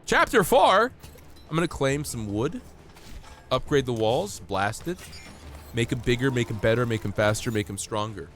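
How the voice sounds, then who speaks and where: A man streaming a game while sick with a cold, chatting in a playful, excitable way and coughing now and then. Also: mid-range voice, normal speed, soft background music. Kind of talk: casual live-stream gameplay chat.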